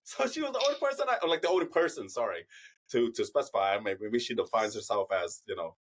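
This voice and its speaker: Animated man laughing through his stories. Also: medium pitch, quick pace, slight background noise. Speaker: podcast co-host. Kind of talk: casual chat, storytelling.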